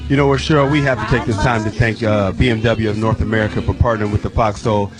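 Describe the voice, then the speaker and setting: A man's voice: fairly low pitch, steady tone, quick pace, music in the background. A man co-hosting a radio talk show, telling a playful story while reading a sponsor spot. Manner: storytelling, playful, does voices. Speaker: radio co-host. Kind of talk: casual radio banter and live ad read. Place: radio studio.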